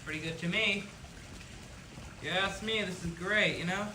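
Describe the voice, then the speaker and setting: A man's voice: high-pitched, normal speed, noisy background. A young man narrating a livestream as he builds a rocket at home, talking casually with many fillers and restarts. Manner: rambling, full of "you know" fillers and restarts.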